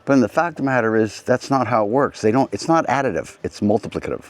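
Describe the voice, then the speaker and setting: A man's voice: mid-range voice, lively intonation, fast, soft background music. A middle-aged man hosting a casual rambling monologue, telling anecdotes with frequent restarts and asides. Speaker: host.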